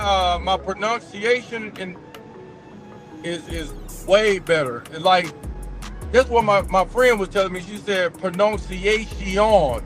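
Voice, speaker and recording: Male vlogger, 40s, high-pitched, unhurried, slangy self-talk from the driver's seat. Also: a bit bright. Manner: thinks aloud, slangy, mutters and sounds words out slowly. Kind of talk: casual chat while practicing languages.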